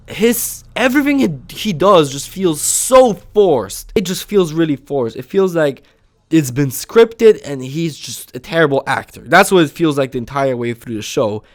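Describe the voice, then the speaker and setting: A young man giving a casual opinion rant as a vlogger, moving between calm, mumbled stretches and sudden loud, high bursts of yelling, and swearing freely. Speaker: vlogger reviewing a TV show.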